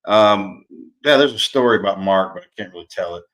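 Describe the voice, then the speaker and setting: A man's voice: deep voice, fairly quick, fairly bright tone. A man hosting a casual live-stream chat, telling folksy stories and swearing freely. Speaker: podcast host and author.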